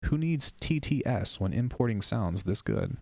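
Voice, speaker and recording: A male music producer on a casual live stream, chatting with viewers while demoing software, rambling and unsure of himself. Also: medium pitch, very animated, moderate pace, gravelly, a little hiss or hum.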